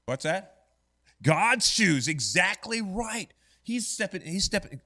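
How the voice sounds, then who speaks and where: A man's voice: sits high, big pitch swings, slow, pushed and bright. A man teaching an adult church Bible study class in a church classroom, conversational and often quizzing the class with "right?".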